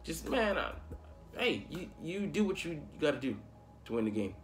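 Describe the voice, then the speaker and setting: Um homem falando sozinho sobre futebol americano em tom de conversa, divagando, com palavrões e explosões de irritação. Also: male voice, on the high side, sing-song, moderate pace, faint music behind. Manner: rambling, profane, heated bursts. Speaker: sports commentary host. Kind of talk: casual solo sports talk.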